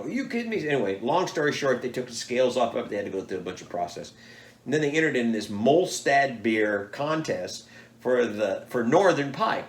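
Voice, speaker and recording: Older male storyteller, animated, acts out his quotes, roomy echoey recording. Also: mid-range voice. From United States. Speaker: father telling stories. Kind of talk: casual storytelling. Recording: echoey room.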